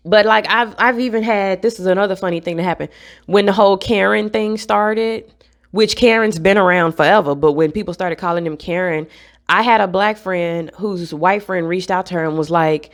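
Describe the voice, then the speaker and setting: A woman's voice: mid-range voice, brisk. A young adult woman vlogging to camera in a casual rant, blunt and profane.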